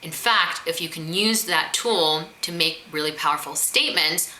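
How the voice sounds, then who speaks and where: A woman giving advice straight to the camera in a direct, emphatic way, often slipping into little acted-out phrases. Her voice sits a bit low but sounds very bright and sharp. The room around her rings with a noticeable echo. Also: normal speed. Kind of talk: advice vlog. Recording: echoey room.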